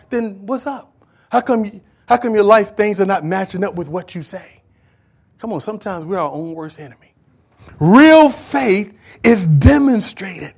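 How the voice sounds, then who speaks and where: A man preaching a sermon in church, emphatic and full of rhetorical questions, swinging from shouts to hushed asides. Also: sits high, gravelly.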